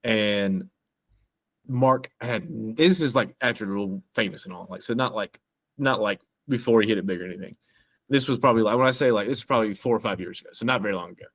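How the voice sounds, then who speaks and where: A man co-hosting a casual podcast, telling stories with animated laughter and mimicry. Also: lowish voice, fast. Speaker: podcast co-host. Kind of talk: casual chat.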